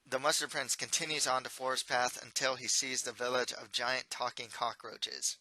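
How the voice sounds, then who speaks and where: A man who reads his own novel aloud in a plain, steady voice and promotes his books. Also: medium pitch, normal speed, few pauses, no echo, low-quality recording. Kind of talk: storybook reading and promotion.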